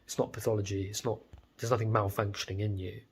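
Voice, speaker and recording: A man's voice: lowish voice, little pitch movement, fast, slight background noise. A young British man with a stuffy cold, talking bluntly and profanely in a rambling casual monologue. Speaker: vlogger.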